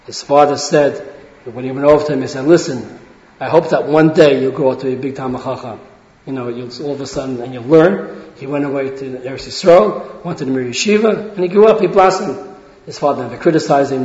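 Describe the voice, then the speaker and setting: A religious lecturer with a fairly high, slightly mellow voice gives an earnest talk on parenting to an audience. He often restarts phrases and acts out quoted speech, recorded in a roomy hall with dull, lo-fi sound.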